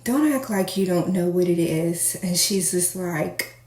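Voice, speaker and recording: Woman with a low voice telling a story. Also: measured pace. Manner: candid, animated retelling with quoted dialogue. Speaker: vlogger telling a personal story. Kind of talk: casual storytelling. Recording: echoey room, faint noise.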